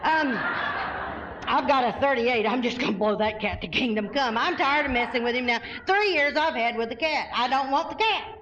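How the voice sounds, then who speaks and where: A middle-aged woman from Arkansas, telling a funny personal story to an audience at a recovery convention in an animated, folksy way, laughing often. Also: fairly high pitch, normal speed, muffled recording, a little hiss or hum. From Arkansas, USA.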